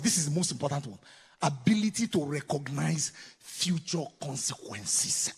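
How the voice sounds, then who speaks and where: A man with a Nigerian accent giving a preaching-style talk on parenting, swinging from loud exclamations to low asides. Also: lively intonation, normal speed, breathy edge. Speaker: parenting speaker. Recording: long hall reverb.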